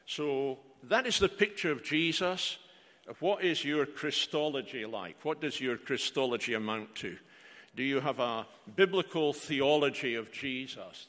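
A man's voice: mid-range voice, pushed and bright. An older man preaching a sermon, earnest, with rhetorical questions and frequent hesitant fillers. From outside Australia. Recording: reverberant hall.

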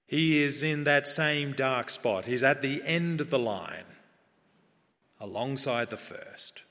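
A man preaching a sermon in a measured, earnest way that builds in emphasis. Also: mid-range voice, sharp tone. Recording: long reverb of a large hall.

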